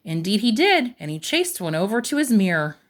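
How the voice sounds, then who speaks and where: A woman reading a picture book aloud as a storyteller, expressive and rhythmic. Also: medium pitch, a little fast.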